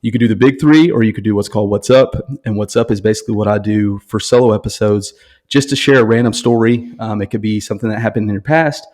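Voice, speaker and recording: A male podcast host with a low voice who talks quickly. He keeps an easygoing, casual conversational manner. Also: darkish tone.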